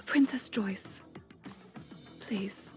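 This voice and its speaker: A woman voicing a flustered young princess in hiding in whispered role-play, stammering apologies in a hushed, breathy voice. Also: sits high, fast, faint music behind, lightly acted. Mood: pleading.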